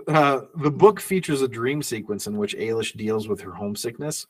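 A man's voice: medium pitch, breathy edge, recorded from a distance. A man co-hosting a casual film podcast, reading out trivia notes and laughing often. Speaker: podcast co-host.

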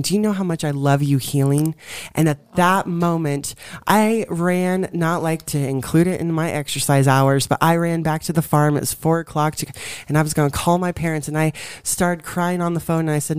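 A young woman tells her story as an interview guest, lively and expressive, often acting out her own words and those of others. Her voice is smooth and clear, and it sounds close and dry, with no room echo. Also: low voice, a little fast. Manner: animated storyteller, acts out her own quotes. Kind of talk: testimony in a faith interview.

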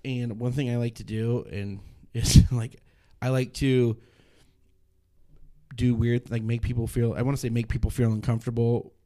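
This is a young man, a comedian, talking loosely in a casual sit-down conversation, and his voice sits at an ordinary middle pitch. He rambles and cuts himself off mid-sentence, and he drops an occasional swear word. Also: flat delivery, moderate pace, warm tone. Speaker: stand-up comedian.

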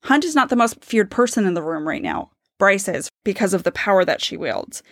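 A woman's voice: medium pitch, huge pitch swings, fairly quick, fairly bright tone, no echo, clean studio sound. A woman co-hosting a podcast, talking casually and eagerly about a book and her theories. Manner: enthusiastic, theorizing, reads quotes aloud. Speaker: podcast co-host. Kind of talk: casual book-discussion chat.

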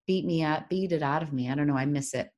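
A woman's voice: sits low, quick pace, darkish tone. A woman from the Boston area with a faint Boston accent, co-hosting a podcast in casual, rambling chat. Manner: chatty, rambling with fillers and restarts. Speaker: podcast co-host.

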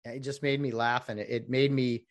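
A man's voice: medium pitch, little pitch movement, normal speed. A middle-aged man in a casual, rambling monologue, full of jokey asides.

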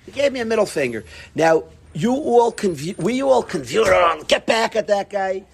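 A middle-aged man, a rabbi, giving an animated, conversational Torah talk to an audience, mixing in Yiddish and Hebrew words. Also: high-pitched, moderate pace, husky.

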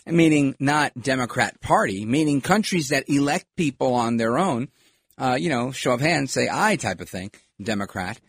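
Here a middle-aged man hosting a talk show rambles through his political opinions in a husky voice, growing animated and digressing often. His pitch moves up and down widely. The sound is close and dry, with no room ambience at all.

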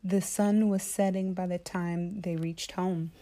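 A woman storyteller reading a children's picture book aloud, slow, calm and clear. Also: fairly low pitch.

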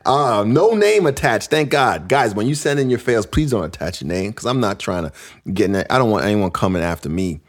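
A male podcast host with a lower-pitched voice that swings widely as he jokes through listener submissions. He laughs often and reacts in an animated, playful way while chatting casually with his guest. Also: a little fast. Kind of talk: casual comedy podcast chat.

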